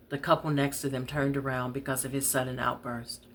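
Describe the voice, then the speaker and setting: Woman storyteller reading her novel aloud, steady and conversational. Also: a bass voice, fairly quick, slight background noise.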